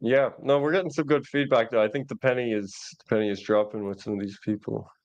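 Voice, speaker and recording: A man's voice: medium pitch, fairly even intonation, fast, highs cut off. A man hosting an online show casually, reading out viewer questions from the chat.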